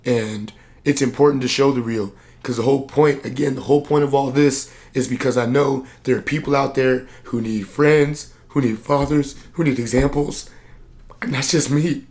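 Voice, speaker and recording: A man who works as a coach, talking candidly to camera in a vlog, earnest and reflective, and tired and low on energy. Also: fairly even intonation, normal speed, a little mellow. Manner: earnest, reflective, plain-spoken with many "like" fillers. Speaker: personal development coach and vlogger.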